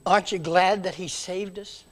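Male preacher, high voice, sermon in a church; big emphatic swells and hushed drops. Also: fairly even intonation, moderate pace. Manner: dynamic, swings from loud emphatic to hushed.

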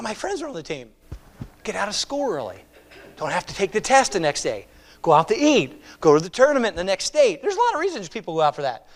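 A middle-aged man preaching a conversational, animated sermon, acting out quoted voices. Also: fairly high pitch. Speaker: pastor.

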